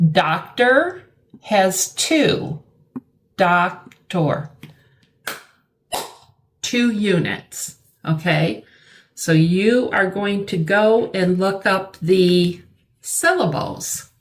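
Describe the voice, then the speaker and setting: A middle-aged woman teaching a class at a very slow, unhurried pace. She says each word carefully and repeats it for her learners, with a voice of middle pitch. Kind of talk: slow classroom lesson on vocabulary.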